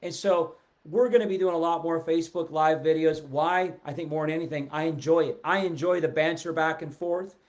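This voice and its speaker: Animated man hosting a live stream. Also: on the high side, brisk, hardly any pauses. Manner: animated, voice rising and falling, reading viewer comments. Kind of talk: casual live-stream talk. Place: indoors, seated in a chair. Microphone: webcam or phone at a desk, seated.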